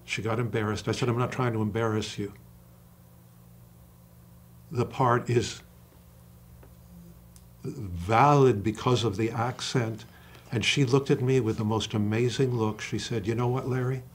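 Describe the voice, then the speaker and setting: An older man, an acting coach, talking in an interview with passion and slowing down to stress single words. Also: mid-range voice, steady tone, a little hiss or hum. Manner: passionate, emphatic storyteller who acts out quoted dialogue. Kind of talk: interview conversation.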